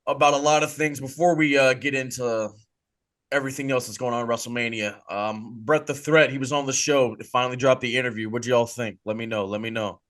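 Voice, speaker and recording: Hyped-up guy hosting a wrestling podcast, chatty, gets loud then mutters, mid-pitch voice. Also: fairly quick. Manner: excitable, hypes things up, trails off into a low mutter. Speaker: podcast host. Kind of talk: casual chat.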